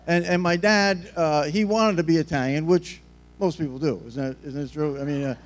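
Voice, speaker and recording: A man's voice: a little high, moderate pace. A man preaching a sermon in a rambling, joking, storytelling way. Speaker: pastor.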